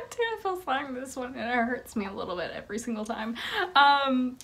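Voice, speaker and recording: With a slightly high, animated and somewhat bright voice at normal speed, a young woman presents her fan merchandise in a casual bedroom vlog. She rambles, giggles and says "like" over and over.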